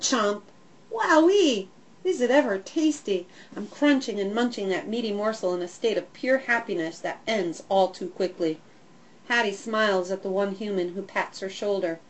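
A woman narrating a first-person children's story in a lively, expressive way. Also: mid-range voice, normal speed, poor audio. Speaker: audiobook narrator.

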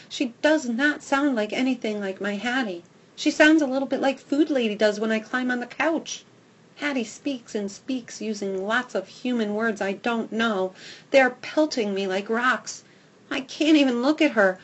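Woman narrator, first-person audiobook, expressive and dramatic, mid-pitched.

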